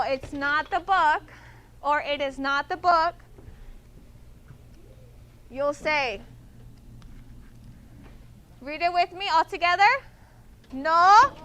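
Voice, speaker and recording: A woman's voice: high-pitched, bright, forceful tone. A woman teaching a Spanish class, patient, checking often that students follow. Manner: patient, repeats and checks understanding with "okay?".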